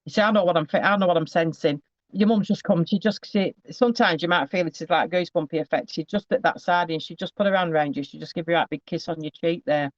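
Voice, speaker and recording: A man, giving a chatty, halting psychic reading to a sitter, often restarting his phrases. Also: a little high, no room sound. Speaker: psychic medium. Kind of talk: live spirit reading to a sitter. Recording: slightly dull, dry recording.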